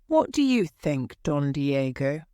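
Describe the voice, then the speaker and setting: A woman's voice: low-pitched, very animated, takes it slowly, warm tone, clean tone, dry recording, clean studio sound, full character voice. A woman voicing a boastful, greedy male army sergeant in a storybook reading. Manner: boastful, bold.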